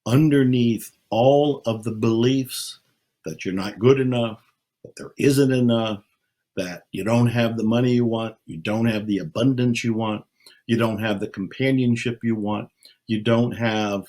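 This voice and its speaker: Slow, soothing older man guiding meditation. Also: on the low side. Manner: slow, calm, soothing, with long pauses. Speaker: self-help speaker. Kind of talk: slow guided meditation talk.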